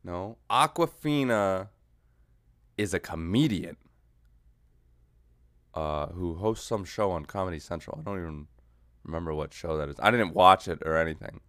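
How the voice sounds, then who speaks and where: A man hosting a solo podcast, rambling through a comedic monologue, losing his train of thought and jumping into yelled mock voices. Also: sits low, moderate pace, long pauses, dry recording, clean studio sound. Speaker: podcast host.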